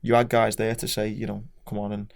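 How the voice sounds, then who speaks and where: Scouse guy chatting on a podcast, quick, flat voice, swears a bit. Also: on the low side, creaky. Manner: frank, sweary, plain-spoken, hesitant restarts. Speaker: podcast guest. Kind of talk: casual chat.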